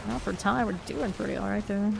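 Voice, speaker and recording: A woman's voice: medium pitch, steady tone, a little fast, gravelly, music in the background. A woman streaming a game live, thinking aloud and calling out enemies as they appear. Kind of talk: live gameplay commentary.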